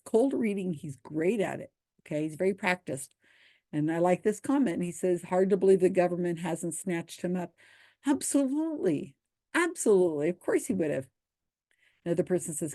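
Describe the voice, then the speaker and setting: A woman's voice: fairly low pitch, warm tone, dry recording. A woman casually commenting on video comments, reading them aloud and answering in a dry, skeptical way.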